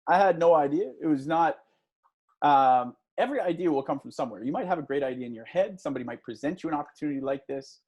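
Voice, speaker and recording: A man gives a motivational talk to a class, his pitch swinging up and down as he tells a story. His voice is a little husky, and he keeps pulling the listeners in with questions. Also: animated, fast, a little mellow. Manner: engaging, asks audience for shows of hands; storytelling with a conversational tone. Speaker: guest speaker.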